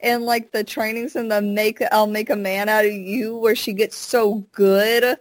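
A woman's voice: medium pitch, level tone, measured pace, no echo. A woman in casual chat, rambling through a story full of "like" and "I was like.".

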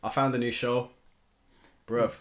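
A man's voice: medium pitch, level tone, measured pace. A man, co-hosting a casual chat with laid-back banter and slang. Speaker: podcast co-host.

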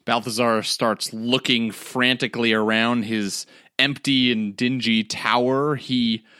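A man playing a tabletop game, narrating his character's actions in the third person at an unhurried, slow pace. His voice is bright and forceful, and the sound is dry and close. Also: mid-range voice, clean tone, dry recording. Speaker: player.

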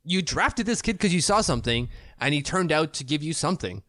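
A man from Canada co-hosting a podcast over a video call, talking casually and excitably, often restarting sentences and jumping up in pitch when he makes a point. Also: brisk, hardly any pauses, dry recording, clean studio sound. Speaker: podcast co-host. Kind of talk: casual sports talk. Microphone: remote video call.

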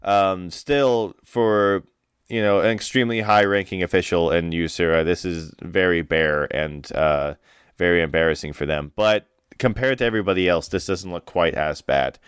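A man's voice: low voice, normal speed, clean tone, dry recording, studio quality. A man narrating as game master of a tabletop game, hesitant with many ums and uhs.

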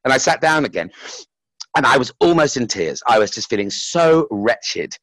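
A man's voice: medium pitch, big pitch swings, normal speed, a bit bright, low-quality recording. A man telling a candid personal story as a podcast guest, speaking frankly and swearing casually.

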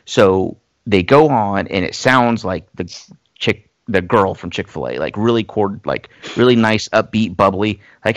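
A man's voice: lowish voice, a little slow, no room sound. A man in his thirties hosting a podcast, telling rambling stories in casual chat. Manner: rambling storyteller, mimics voices in anecdotes. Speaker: podcast host.

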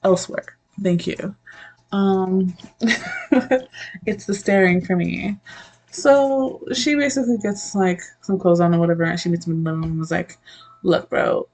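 Excitable young woman recapping a webtoon. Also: on the low side, rough recording. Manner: excitable, profane, acts out characters' lines in quick asides. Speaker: book reviewer. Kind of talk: casual chat, recapping a webtoon.

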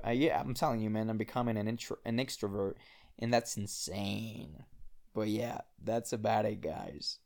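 A young man hosts his own podcast by himself, chatting casually from a mountain apartment into his own microphone. His medium-pitched voice is a little mellow and smooth, though his talk wanders, is full of swearing, and restarts constantly.

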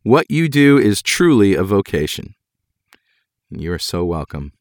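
A man co-hosting a podcast, reading listener mail aloud in a lively way and acting out the quoted dialogue. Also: low-pitched, a little slow, dry recording, clean studio sound. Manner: animated reader, acts out quoted dialogue. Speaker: podcast co-host.

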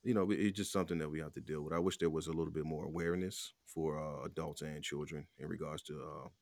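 A man with an extremely deep, gravelly voice talks about his family. He is soft-spoken and hesitant, with many fillers, and sounds close and dry. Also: fairly even intonation, fast talker, dry recording. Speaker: husband sharing the family's story. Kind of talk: casual conversation.

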